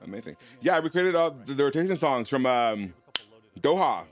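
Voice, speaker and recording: A man's voice: medium pitch, expressive, moderate pace, soft background music. Rambling playful male streamer. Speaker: livestreamer. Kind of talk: casual chat over a live broadcast.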